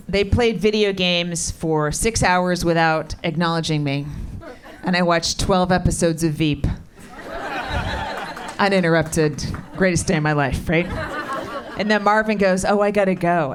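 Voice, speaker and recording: A middle-aged woman works a comedy club stage with a deadpan, brash delivery. She swears her way through punchlines into a handheld mic. A loud audience laughs all around her in this live recording. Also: fairly low pitch. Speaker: stand-up comedian. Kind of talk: stand-up comedy set.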